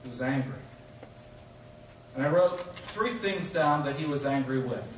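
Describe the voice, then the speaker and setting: A man preaching a sermon as pastor, telling a story with animated rhetorical questions and voices for the characters. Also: mid-range voice, unhurried, slight background noise. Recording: echoey hall recorded from far off.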